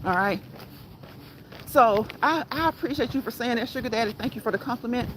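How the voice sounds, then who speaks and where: A woman with a fairly high, quick voice hosts a casual walk-and-talk fitness livestream, laughing a lot as she chats with her live viewers. She strolls outdoors holding her phone, so the audio is rough and full of loud background noise.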